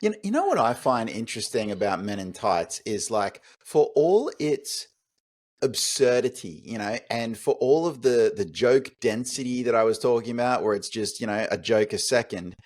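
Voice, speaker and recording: A man's voice: medium pitch, animated, moderate pace, a little mellow. Podcast guy, young, voice bouncing up and down, eager and a bit hedgy. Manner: enthusiastic, hedging, asks questions. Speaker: podcast co-host. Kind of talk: casual film chat.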